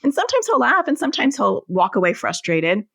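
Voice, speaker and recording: A woman's voice: fairly high pitch, wildly swooping pitch, brisk, creaky, fairly bright tone, no room sound, studio quality. A woman therapist, a guest on an interview podcast, explaining things and illustrating them with everyday family examples. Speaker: anxiety and OCD therapist, guest.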